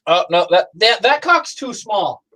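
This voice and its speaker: Bright, excitable young male host. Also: high-pitched, measured pace, poor audio. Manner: excitable, laughing. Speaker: podcast host. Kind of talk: casual crude chat.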